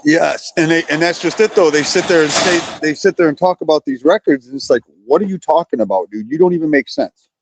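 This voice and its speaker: A man speaking with a relaxed, easy manner on a video call, his voice pitched slightly high for a man. The sound is dry and close, with no room around it. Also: fairly quick, no echo, rough recording. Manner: relaxed, talks to his dogs between remarks. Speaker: guest caller. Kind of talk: casual chat.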